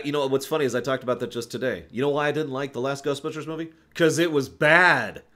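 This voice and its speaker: A man hosting a casual livestream, talking through his opinions in a rambling way, with restarts and sighs. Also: medium pitch. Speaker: streamer host.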